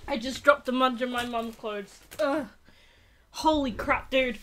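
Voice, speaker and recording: High-voiced excitable young woman reacting. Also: a little slow. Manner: excitable, gasping, squealing and exclaiming. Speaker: YouTube reaction host. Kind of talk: TV episode reaction vlog.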